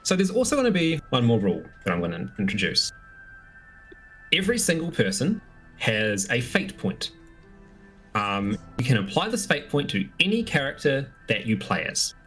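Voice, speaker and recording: Lively game master man. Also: medium pitch, moderate pace, soft background music. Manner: lively, explaining rules. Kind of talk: running a tabletop game over a stream.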